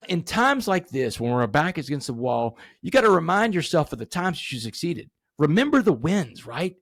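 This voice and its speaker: A man in his forties, a podcast guest, telling his story emphatically and rising to animated peaks. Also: fairly high pitch, moderate pace, hardly any pauses, breathy edge, no echo, studio quality. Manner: addresses host directly, asks rhetorical questions. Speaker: podcast guest, motivational speaker.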